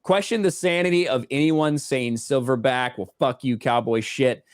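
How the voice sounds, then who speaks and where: A man's voice: medium pitch, moderate pace, dry recording, studio quality. A man co-hosting a casual livestream, reading out viewer donations and swearing offhandedly. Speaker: livestream co-host reading superchats.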